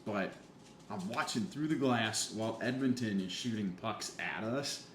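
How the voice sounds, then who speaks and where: Dude, lowish voice, animated story, cusses a lot, echoey room with a faint hum. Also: male voice, unhurried. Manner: animated, swears freely, acts out quotes. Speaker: podcast guest. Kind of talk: casual storytelling chat.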